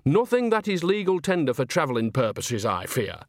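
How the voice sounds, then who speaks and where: A man's voice: a little high, big pitch swings, normal speed, no echo, studio quality, pitched above the performer's own voice. A man voicing a cheerful, earthy old woman witch who talks in a rambling, folksy, sly way. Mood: chatty. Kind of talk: audiobook character voice.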